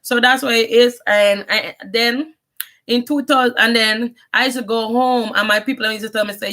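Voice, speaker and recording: A woman's voice: on the high side, steady tone, normal speed, sharp tone. A young Jamaican woman with a strong Jamaican accent, telling her life story in a casual, rambling vlog, mixing in patois and often restarting her sentences. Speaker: vlogger.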